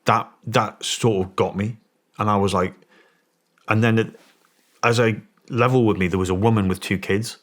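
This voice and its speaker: Speaking at a moderate pace with a fairly low pitch and mostly even intonation, this ex-special forces guest recounts a story in an informal chat. His telling wanders, with lots of restarts and forceful emphasis.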